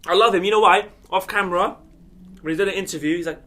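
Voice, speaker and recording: A man's voice: high-pitched, quick pace. A man joking and telling stories in football panel banter. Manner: animated storytelling, teasing. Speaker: panel regular.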